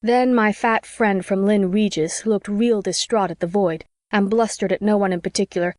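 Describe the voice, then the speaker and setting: A woman's voice: medium pitch, steady tone, moderate pace, hardly any pauses, a little mellow, no room sound. Woman narrating an audiobook, dry sound.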